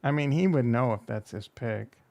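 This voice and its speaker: A man's voice: mid-range voice, moderate pace, gravelly, a little mellow. A man hosting a casual crypto livestream, rambling and joking as he reacts to chat and runs through coin prices. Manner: rambling, jokey, self-deprecating, reads chat aloud.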